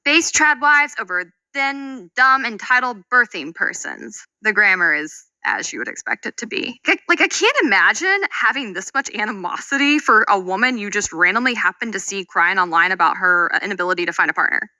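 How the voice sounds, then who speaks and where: A woman's voice: mid-range voice, animated, a little fast, few pauses, bright, forceful tone, no room sound. A woman commentator speaking with indignant disbelief as she reads out online comments. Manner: indignant, incredulous. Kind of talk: video commentary.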